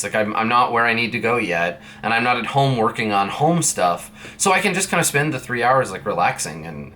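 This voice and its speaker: A man's voice: medium pitch, bright, forceful tone. A young man from Canada chatting casually to camera in a vlog, rambling through stories from a friend's streaming room. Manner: rambling, chatty, with playful put-on voices in quoted dialogue. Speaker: vlogger. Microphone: streaming setup mic.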